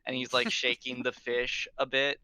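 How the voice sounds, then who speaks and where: A man's voice: mid-range voice, monotone, moderate pace, bright, forceful tone, clean tone, no room sound. A man narrating a tabletop game as game master, talking loosely with many fillers. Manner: rambling, full of fillers and restarts.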